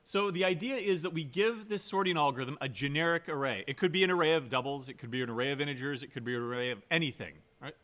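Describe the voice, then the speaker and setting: A man's voice: a little high, fast, hardly any pauses, fairly bright tone. A man giving a recorded programming lecture in a conversational way, often checking in with "right?" and stressing key words. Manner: conversational, keeps asking "right?"; fillers and restarts, emphatic. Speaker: computer science lecturer.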